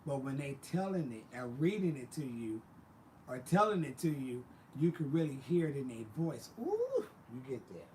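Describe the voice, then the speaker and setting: A man's voice: medium pitch, normal speed, a little mellow, a little hiss or hum. A man hosting a casual livestream, chatting sassily with viewers and calling them baby and honey. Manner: sassy, chatty, calls people baby and honey. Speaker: livestream host.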